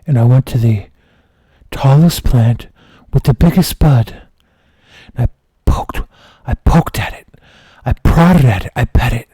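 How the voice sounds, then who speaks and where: A man streaming who tells a comic story with mock-dramatic, slow deadpan delivery. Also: mid-range voice, husky, no echo.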